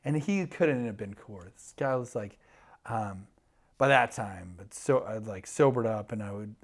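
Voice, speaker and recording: A middle-aged man telling a long story in an animated way, full of fillers and restarts, acting out the other people's voices. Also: on the low side, normal speed. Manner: rambling, many fillers and restarts, acts out voices. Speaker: podcast guest, TV producer.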